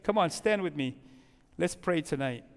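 A man's voice: fairly high pitch, lively intonation, normal speed. A middle-aged man, a pastor, giving a conversational sermon in a church and leading a fervent closing prayer. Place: church hall. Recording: long hall reverb.

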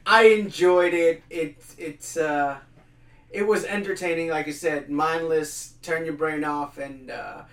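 A man co-hosting a casual movie review podcast, jokey and laughing, talking in halting restarts. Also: on the high side, fairly even intonation, fairly bright tone. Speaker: podcast co-host. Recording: echoey room, distant mic.

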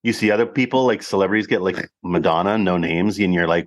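A man's voice: deep voice, normal speed. A man in his fifties co-hosting a podcast, chatting casually and joking playfully, with some swearing. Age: 50s. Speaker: podcast co-host. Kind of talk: casual chat.

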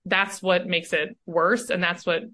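A woman speaking as a coach and podcast guest in casual conversation. She is animated and keeps tagging her points with "right?". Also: fairly low pitch, measured pace. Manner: animated, often tags "right?".

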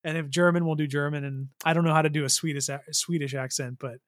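A man's voice: a little high, fairly even intonation, quick pace, dry recording, studio quality. A man co-hosting a podcast, talking casually and rambling with many restarts. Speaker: podcast co-host. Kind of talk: casual chat.

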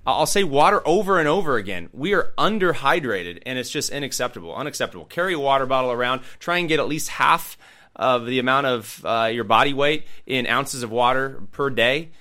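A male pastor co-hosting a talk show, with a bright, sharp-edged voice. He speaks emphatically and encouragingly, pressing his points home. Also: medium pitch, animated, brisk. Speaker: pastor and co-host. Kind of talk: casual chat.

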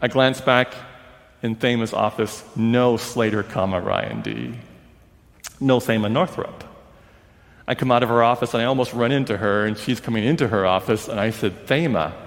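A man telling a story in a sermon, acting out the people he quotes and dropping to a hush at emotional moments. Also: medium pitch, fairly even intonation, normal speed. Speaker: preacher. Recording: long reverb of a large hall.

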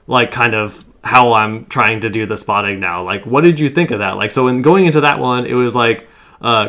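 A man's voice: lowish voice, sharp tone. A man hosting a casual podcast chat about a strategy game, rambling and full of fillers like "like". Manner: rambling, filler-heavy, lots of "like".

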